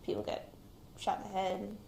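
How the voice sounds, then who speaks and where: In this interview, a young woman serving in the military describes surviving a shooting, her quiet, hesitant speech often pausing as she reflects. Her ordinary mid-range voice is sing-song and gravelly. The space sounds echoey, with faint noise hissing in the background.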